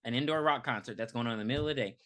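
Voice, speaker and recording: A woman's voice: very deep voice, rapid-fire. A woman co-hosting a film review podcast, retelling the plot in casual chat, swearing and acting out characters. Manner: animated, swearing, acts out characters in funny voices. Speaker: podcast co-host.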